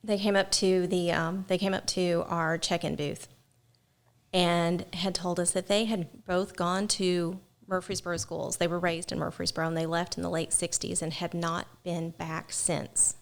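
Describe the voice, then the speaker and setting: Soft-pitched woman telling earnest stories. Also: little pitch movement. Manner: earnest storyteller, many "um" pauses. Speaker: podcast guest, event organizer. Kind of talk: casual chat.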